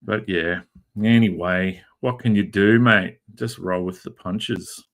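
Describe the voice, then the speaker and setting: A man's voice: sits low, slow pace, a bit bright. A middle-aged Australian man chatting casually on a drawing stream, telling rambling jokey stories full of fillers, from a converted garage room. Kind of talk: casual chat while drawing.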